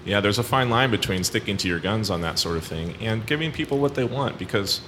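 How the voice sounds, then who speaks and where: A man's voice: lowish voice, lively intonation, fairly quick. A man hosting a casual podcast conversation, with lots of fillers as he leads into his questions. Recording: faint background noise.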